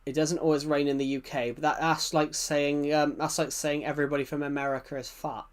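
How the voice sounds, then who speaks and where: Chatty British male streamer, slightly high. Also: flat delivery, a little fast. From United Kingdom. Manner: rambling, answers chat, frequent restarts. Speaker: game streamer. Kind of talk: casual live-stream chat.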